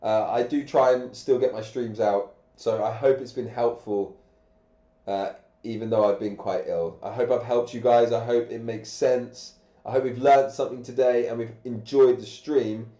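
A man's voice: medium pitch, steady tone, normal speed, dark tone. A man, sick and coughing, teaching grammar on a live stream with patient step-by-step questions. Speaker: English teacher. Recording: echoey, dull lo-fi room sound.

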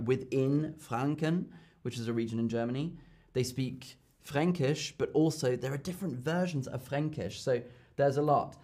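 Young man, live-stream tutor, casual chatty lesson, lots of ums, repeats phrases, mid-pitched voice. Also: darkish tone. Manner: chatty, filler-heavy, repeats key phrases. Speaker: German tutor hosting a live Q&A.

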